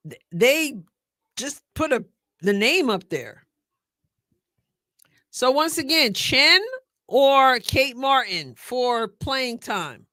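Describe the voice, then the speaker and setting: A middle-aged woman hosting a live stream, chatting casually and excitedly as she reacts to a sports draft and answers her viewers. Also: high voice, slow pace, long pauses, no room sound, clean studio sound. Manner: chatty and excitable, thinking aloud and talking to chat viewers.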